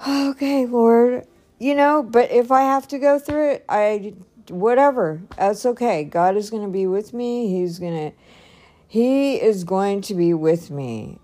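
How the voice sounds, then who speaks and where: A woman's voice: fairly low pitch, mellow. A woman talking casually in a personal vlog, chatty and rambling, laughing often. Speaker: vlogger.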